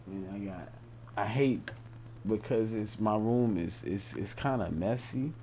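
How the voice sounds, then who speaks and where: Late at night on a live stream, a young man with a low, dark, gravelly voice speaks slowly and informally, rambling and circling back to the same points. A faint hiss lingers in the background.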